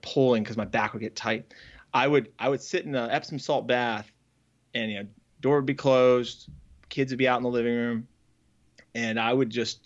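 Earnest man telling a hard story. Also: mid-range voice. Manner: earnest, halting, many restarts. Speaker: guest, former farrier. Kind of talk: candid storytelling in an interview. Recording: slightly dull lo-fi audio.

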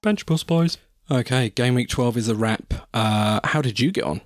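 Man, podcast co-host, casual chat, mid pitch, faint music behind. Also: fairly even intonation, normal speed. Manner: chatty, reads out admin with fillers.

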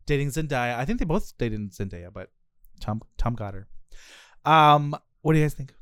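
A man's voice: mid-range voice, animated, normal speed, a bit bright, no echo, studio quality. A man hosting a casual podcast chat, playful and teasing, swearing freely. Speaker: podcast host.

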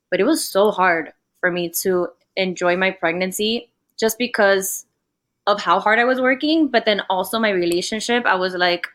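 A young woman, a podcast guest, telling a personal story in casual chat, blunt and animated, full of "like" and acted-out quotes. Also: medium pitch, moderate pace. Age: young adult. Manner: blunt, animated storytelling, fillers of 'like', acts out quoted voices.

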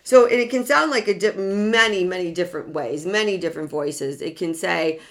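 A woman's voice: fairly low pitch, normal speed. A woman speaker in a self-help talk, earnest and direct. She circles back on key words and keeps asking her listeners questions before answering them herself. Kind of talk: motivational talk to an audience.

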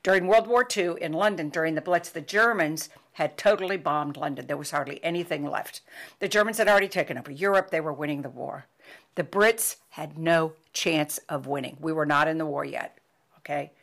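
An older American woman hosting a podcast, speaking in an emotional, pleading monologue that swings from loud emphasis to hushed near-whispers. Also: deep voice, a little fast, creaky. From United States. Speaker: podcast host.

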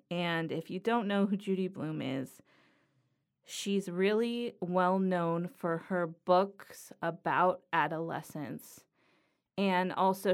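A woman hosting a podcast, talking earnestly and reflectively in a solo monologue about writing from the heart. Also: lowish voice. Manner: earnest, reflective, slow and thoughtful. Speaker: podcast host.

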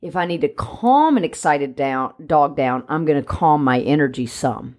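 A woman who trains dogs, talking casually on a podcast and explaining her ideas through steady, talkative examples. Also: low-pitched, normal speed. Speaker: dog trainer.

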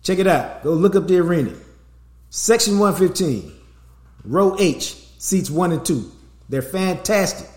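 A middle-aged podcast host chats casually about sports in a loose, streetwise way, slipping in promo plugs. His high, a little mellow voice has lively intonation and moves a little slowly, with a roomy echo on the recording.

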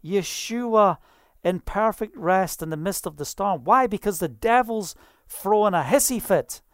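A preacher, delivering a sermon in a fast, fervent style with frequent hallelujahs. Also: medium pitch, expressive, dry recording, studio quality.

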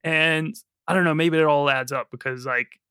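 A man's voice: on the high side, steady tone, moderate pace, sharp tone, smooth, no echo, clean studio sound. A man co-hosting a podcast, recapping and joking about a film in a laid-back way. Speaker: podcast co-host. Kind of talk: casual movie review chat.

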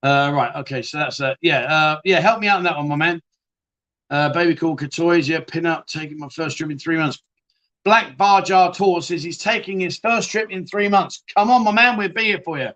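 A man's voice: on the high side, moderate pace, a bit bright, muffled recording. A man hosting a live chat show, rambling and joking as he reads out viewer comments and calls people mate.

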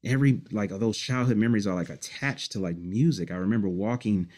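Unhurried and easygoing, this fairly low-voiced musician from Detroit, United States, recalls his past for a casual interview. His telling wanders, restarts often and leans on "um" and "you know." Soft laughter slips in between the stories.

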